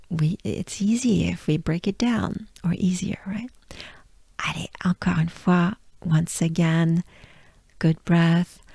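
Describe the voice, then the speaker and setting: A woman from France with a French accent, patiently teaching pronunciation, repeating sounds slowly. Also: fairly low pitch, vocal fry, warm tone, slightly rough, dry recording, clean studio sound. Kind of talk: pronunciation lesson.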